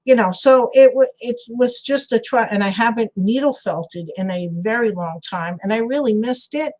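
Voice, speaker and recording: A woman's voice: fairly high pitch, moderate pace, a little mellow, rough recording. A middle-aged woman with a New York accent, chatting casually on a crafting livestream, rambling, laughing often and answering viewers by name. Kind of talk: casual chat while crafting and reading live chat.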